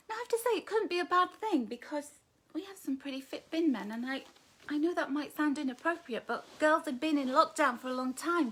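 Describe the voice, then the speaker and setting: A high-pitched middle-aged woman with a Northern English accent, talking casually from her living room into a phone or webcam. She greets viewers warmly by name and keeps things light with giggly, self-deprecating asides. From England. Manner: chatty, affectionate, greets viewers by name with "darling" and "love". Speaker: author hosting a live book launch. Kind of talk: casual livestream chat to viewers. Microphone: phone or webcam facing her.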